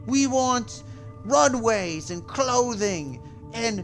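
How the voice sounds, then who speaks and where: List. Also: male voice, lively intonation, drawn-out words, a bit bright, soft background music, heavily acted. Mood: boastful. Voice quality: mock-proud sales pitch. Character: smug male game-company spokesman, fake Spanish accent.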